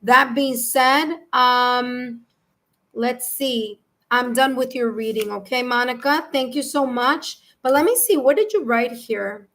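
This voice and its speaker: A woman with a New York accent giving a live tarot reading, animated and repeating phrases as she reads cards and chat messages aloud. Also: on the high side, slow pace, low-quality recording. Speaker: tarot reader.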